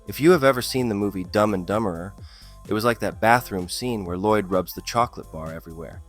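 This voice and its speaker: A man's voice: fairly low pitch, a little fast, music in the background. A man narrating funny stories in a scripted style, with a dry comic delivery that lifts on the punchlines. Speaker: storyteller.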